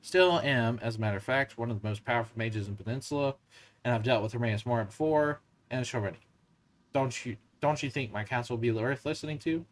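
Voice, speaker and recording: A man's voice: mid-range voice, a little fast, lightly acted, rough recording. A man reading a ghost wizard in a Southern US accent. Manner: reads lines aloud, stumbling at times. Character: dead male wizard ghost bound to a soul gem.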